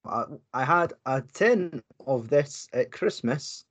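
A man's voice: medium pitch, animated, slow, a bit bright. A man co-hosting a casual beer-tasting podcast, hesitant and understated. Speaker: podcast co-host.

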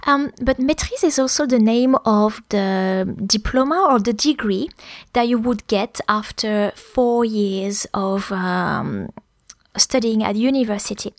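A woman with a French accent teaches vocabulary on a podcast, speaking slowly and carefully and spelling words out letter by letter. Her voice sits a little high. The recording is dry and close, with no room sound. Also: dry recording. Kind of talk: podcast language lesson.

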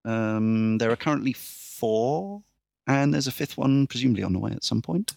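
A man hosting a casual podcast, briskly reeling off a list with dry little asides. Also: mid-range voice, animated, creaky, a little mellow, no echo. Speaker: podcast host.

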